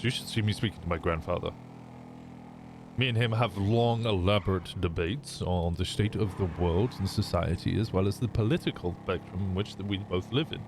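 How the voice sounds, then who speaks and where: Chatty young Midlands Englishman, lowish voice. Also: noisy background. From England. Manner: chatty, swearing, stumbling over words. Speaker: streamer. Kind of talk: casual chat with viewers.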